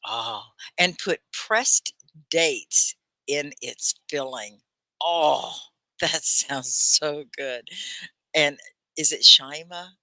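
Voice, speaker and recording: A woman's voice: low voice, extremely slow, pushed and bright, no room sound. A middle-aged woman from Texas hosting a live English lesson, reading viewer comments aloud, chatty and upbeat, laughing often and quizzing her students. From Texas, United States. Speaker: ESL teacher hosting a live class.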